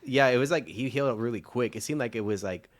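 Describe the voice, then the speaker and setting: A man's voice: mid-range voice, fast. A man co-hosting a casual TV recap podcast, rambling with lots of "like" and swearing. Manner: rambling, full of fillers and restarts, swears freely. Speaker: podcast co-host.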